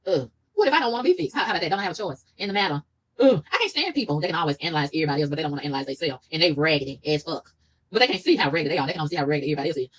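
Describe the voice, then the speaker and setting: A woman vlogger telling a story in a casual rant, animated, profane and indignant, with a husky voice. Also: deep voice, racing, rough recording.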